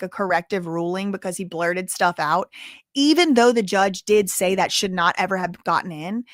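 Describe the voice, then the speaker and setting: A woman hosting a stream, reading court transcript quotes aloud with animated exclamations. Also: mid-range voice, no echo, studio quality. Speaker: commentary host.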